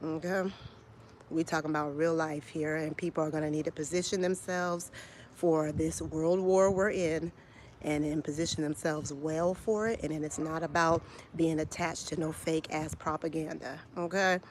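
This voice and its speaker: A woman's voice: sits low, steady tone, moderate pace, a little hiss or hum. A woman, delivering a blunt, profane, confrontational rant straight to camera as a vlogger. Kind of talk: heated direct-to-camera rant.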